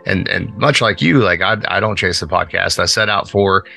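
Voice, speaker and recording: Gravelly low-voiced man talking emphatically. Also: moderate pace, pushed and bright, faint music behind. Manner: emphatic, thinking aloud. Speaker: podcast host. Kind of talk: casual podcast chat. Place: small bedroom studio.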